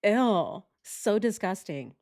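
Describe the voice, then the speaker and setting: A woman's voice: medium pitch, animated, slow, darkish tone. Sarcastic, chatty woman vlog host. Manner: sarcastic, laughs often, chatty. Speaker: channel host. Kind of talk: true-crime commentary vlog.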